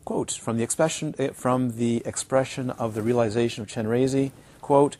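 A man teaching a dharma talk to retreat students, playful and animated, repeating words for emphasis and mimicking his students. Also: mid-range voice, moderate pace, few pauses. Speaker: Buddhist teacher. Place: retreat centre teaching hall.

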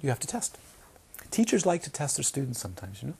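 A man giving an informal Dharma talk to a small group, telling stories with animated asides. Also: medium pitch, brisk, gravelly, slightly rough. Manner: animated storytelling, acts out quoted voices. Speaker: meditation teacher.

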